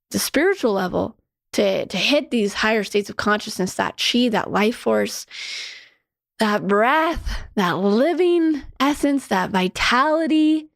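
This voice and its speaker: A woman's voice: medium pitch, slow pace, vocal fry, no echo, studio quality. A woman giving a casual spiritual talk as a teacher. She is chatty, fills her speech with many "like"s and laughs often as she goes. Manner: laughs often while talking.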